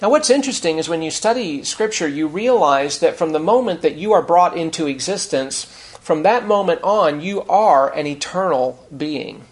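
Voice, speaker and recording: A man preaching an expository sermon in a conversational teaching manner, restarting phrases and slowing down to stress key words. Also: on the high side, lively intonation. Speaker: pastor.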